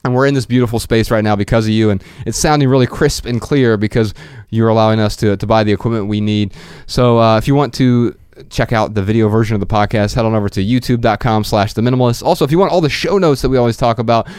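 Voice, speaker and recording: A man's voice: mid-range voice, steady tone, fast, darkish tone, clear, resonant tone, dry recording, studio quality. A man hosting a podcast, joking casually and reading out announcements in an upbeat way. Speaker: podcast host.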